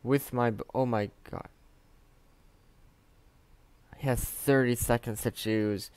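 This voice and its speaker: A young man from Canada chatting casually over his gameplay, swearing often and swinging between mumbled asides and loud outbursts. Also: medium pitch, steady tone, moderate pace, smooth, dry recording. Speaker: gaming youtuber.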